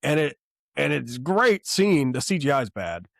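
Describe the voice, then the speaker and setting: A man's voice: on the high side, normal speed, vocal fry, no echo, clean studio sound. A man co-hosting a podcast in casual chat. He rambles enthusiastically, swears a lot and fills gaps with "um" and "like". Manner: excitable, heavy swearing, rambling with fillers. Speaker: podcast co-host.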